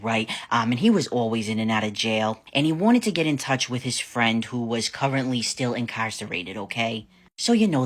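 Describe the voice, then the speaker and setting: A man with a heavy New England accent tells funny stories from his life straight to camera. His voice is bright and forceful, and he talks bluntly, swearing freely and joking as he goes. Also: medium pitch. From New Hampshire. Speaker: vlogger. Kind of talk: casual storytime.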